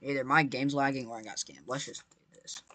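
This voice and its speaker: An excitable gaming creator giving live gameplay commentary, chatty and repetitive, constantly talking to viewers and bursting into shrieks when startled. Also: medium pitch, fairly quick, slight background noise. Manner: repetitive, chatty, playful slang.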